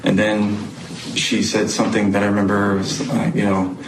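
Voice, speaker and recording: Halting gravelly man on the witness stand. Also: on the low side, monotone. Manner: halting, with many pauses and fillers. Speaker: witness testifying in court. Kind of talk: court testimony. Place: courtroom. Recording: echoey noisy courtroom audio.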